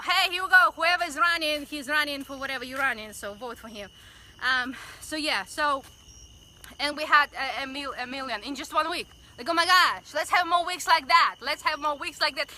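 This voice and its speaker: A woman hosting a Facebook Live stream, chatting excitedly with viewers and leading a prayer of thanks. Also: high-pitched, slight background noise, poor audio. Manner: excited, gushing, greets viewers by name. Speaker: community livestream host. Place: outdoors by a building, livestreaming. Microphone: phone livestream.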